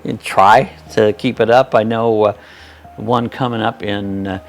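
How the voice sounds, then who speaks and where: A man's voice: on the low side, fairly even intonation, measured pace. A man in his sixties hosting a live chat, talking in a folksy, rambling way, chuckling often as he reads viewers' comments aloud. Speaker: host of a live chat stream.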